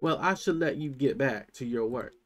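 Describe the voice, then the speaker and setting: A man's voice: medium pitch, animated, normal speed, natural voice. A man voicing a polite, formal male museum curator with a put-on accent. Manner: put-on accent, courteous and fussy.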